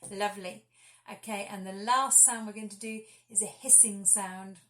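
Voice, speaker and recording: A woman leading children through a singing warm-up, giving clear and encouraging instructions. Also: mid-range voice, steady tone, moderate pace. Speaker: singing teacher.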